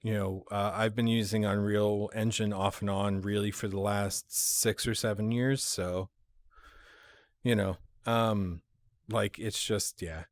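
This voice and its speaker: Man, show host, lowish voice, dry close sound, hesitant, lots of fillers. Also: fairly even intonation, a little slow, dry recording. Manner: hesitant, many fillers and restarts. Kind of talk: casual chat.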